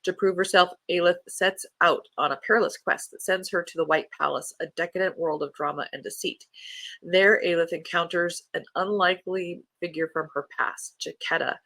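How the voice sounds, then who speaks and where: Gravelly, bright-voiced book podcast host. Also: mid-range voice, steady tone, moderate pace, dry recording. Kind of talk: casual chat and reading book blurbs aloud.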